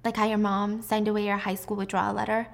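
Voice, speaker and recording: A haughty, wealthy mother near forty, as a woman recapping a drama voices her snaps out sharp, scornful lines. She sounds superior and easily provoked. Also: medium pitch, level tone, fast, gravelly, natural voice.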